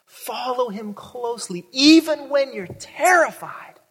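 A man preaching a sermon as pastor, animated, acting out the voices in the story with big jumps in pitch. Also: measured pace, slightly rough, big-room sound.

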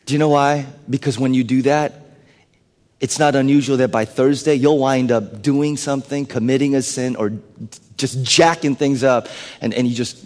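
A male pastor preaching a sermon to his congregation. He swings between loud emphatic lines and hushed, whispered asides. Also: medium pitch. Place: church sanctuary. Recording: long hall reverb.

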